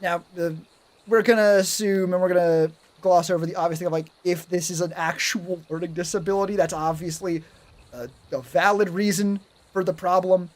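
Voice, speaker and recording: A man's voice: sits high, steady tone, normal speed. A man streaming live, talking casually in a rambling, sarcastic way and swearing a lot.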